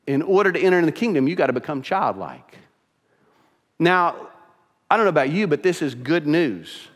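A pastor preaching a sermon with earnest delivery that rises into emphatic, repeated phrases. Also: male voice, on the high side, lively intonation, normal speed. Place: church sanctuary. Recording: long reverb in a church hall.

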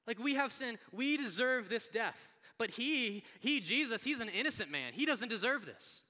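A repentant condemned criminal , as a preacher acts him out, speaks earnestly in a raised, high, slow voice. The tone is bright and firm. A long hall reverb trails behind him. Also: male voice, lively intonation, full character voice. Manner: earnest, rebuking. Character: repentant crucified male criminal.

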